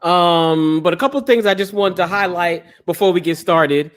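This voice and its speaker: A man hosting a casual podcast chat, excitable and laughing often, his voice jumping up when he gets going. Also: high-pitched, moderate pace. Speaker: host.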